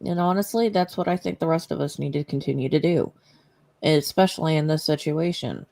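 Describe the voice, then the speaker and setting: Gravelly, higher-voiced earnest man. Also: fairly quick, a little mellow. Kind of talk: casual live-stream talk.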